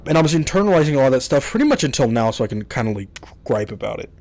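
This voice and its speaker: A man's voice: mid-range voice, sing-song, rapid-fire, a little mellow. Exasperated man ranting on a vlog. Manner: exasperated, swears often, rambling with restarts. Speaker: YouTuber. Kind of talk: casual storytelling rant.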